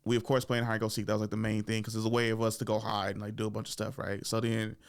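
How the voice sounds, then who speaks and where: A man's voice: on the low side, monotone, rapid-fire, smooth. A man, a stand-up comic hosting a show and telling loose, slangy, funny stories about growing up. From Bay Area, California. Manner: loose slangy storyteller, breaks into laughter. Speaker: stand-up comic, podcast host. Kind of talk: casual comedic storytelling.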